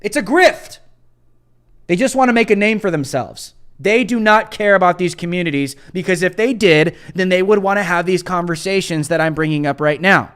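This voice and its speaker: Male host with a high voice, combative and insistent, driving points home in an emphatic rant. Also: normal speed, fairly bright tone, clear, resonant tone. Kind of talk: political commentary rant.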